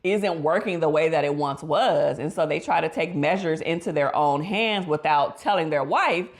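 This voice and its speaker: A woman therapist giving casual movie reaction commentary, expressive and slangy, with her voice leaping up for emphasis. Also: normal speed. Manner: pitch leaps up in emphasis.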